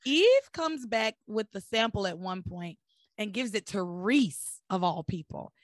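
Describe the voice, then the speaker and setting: Hoarse woman, voice gone deep. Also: measured pace, no echo. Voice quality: deeper than usual. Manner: animated, joking, laughs often. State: hoarse, losing her voice. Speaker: podcast host. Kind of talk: casual chat recapping a soap opera.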